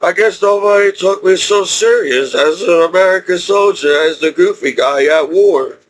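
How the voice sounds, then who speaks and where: A man's voice: high voice, normal speed, low-quality recording. A middle-aged man telling rambling personal stories in a casual monologue, chuckling often and repeating himself. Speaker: military veteran vlogger.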